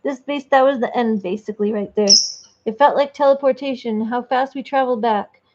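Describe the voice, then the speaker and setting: High-voiced woman reading stories aloud. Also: brisk, a little mellow. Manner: rambling, with off-script asides. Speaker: vlogger reading online stories. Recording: dull lo-fi recording.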